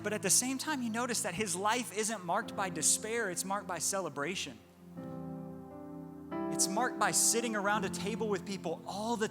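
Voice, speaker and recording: A young man preaching a sermon as pastor, earnest, repeating phrases for emphasis. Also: high-pitched. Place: church hall. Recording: long hall reverb with music behind.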